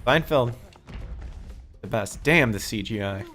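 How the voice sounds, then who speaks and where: A man's voice: mid-range voice, expressive, a bit bright, faint music behind. A man co-hosting a casual chat over gameplay, throwing in short reactions and jokes. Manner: quick reactive quips, laughs. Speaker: co-host. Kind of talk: casual chat while gaming.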